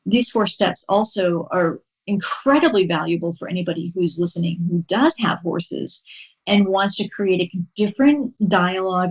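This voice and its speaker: A woman guest on a podcast interview, calmly and patiently explaining a mindfulness practice step by step, pausing now and then with an um. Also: lowish voice, creaky, breathy edge, poor audio. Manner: calm, instructive, unhurried with frequent um pauses. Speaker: podcast guest, horse-assisted wellness coach.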